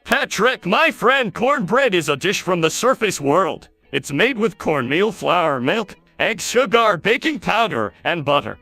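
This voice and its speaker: An AI doing a gravelly, know-it-all cartoon guy. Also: medium pitch, big pitch swings, measured pace, few pauses, sharp tone, soft background music, heavily acted. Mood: lecturing. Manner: explanatory, lecturing. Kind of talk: AI voice imitation of a cartoon.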